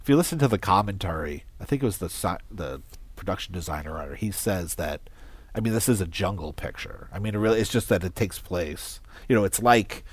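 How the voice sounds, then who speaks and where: Low-voiced man sharing movie trivia. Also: expressive, a little fast, slightly rough, dry recording. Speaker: podcast co-host. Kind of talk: casual movie discussion.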